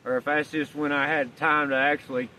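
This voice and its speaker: A man's voice: on the high side, level tone, brisk, sharp tone. A man telling a rambling, folksy story outdoors while walking his dog, swearing casually. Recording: distant mic, faint outdoor noise.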